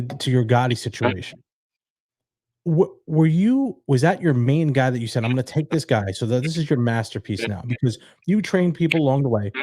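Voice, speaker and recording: A man's voice: mid-range voice, a little mellow, no room sound. Guy hosting an interview, long rambly questions, dry sound. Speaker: interview host.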